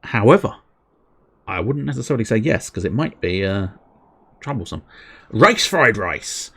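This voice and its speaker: Low-voiced man rambling playfully. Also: lively intonation, moderate pace. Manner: rambling, playful wordplay, self-deprecating. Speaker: streamer. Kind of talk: casual livestream commentary.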